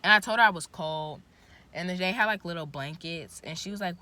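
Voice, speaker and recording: A young woman vlogger tells a casual story, animated and indignant, full of "like". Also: lowish voice, a little fast. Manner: animated, indignant retelling with lots of "like".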